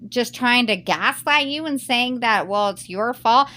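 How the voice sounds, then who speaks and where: A woman's voice: a little high, lively intonation, measured pace, few pauses, bright, forceful tone. A woman who reads a Reddit post aloud and then reacts to it in a heated, emphatic rant. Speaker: YouTuber reading Reddit posts.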